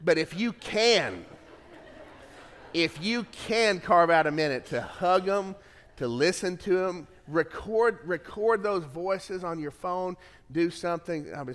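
Middle-aged male pastor, earnest sermon delivery, slightly high voice, long church reverb. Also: lively intonation, unhurried. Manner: earnest storytelling, swells louder on key phrases.

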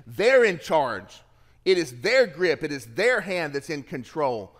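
A man preaching a sermon as pastor, reading scripture aloud with lively shifts of pace and emphasis. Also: fairly high pitch, unhurried, in a large hall.

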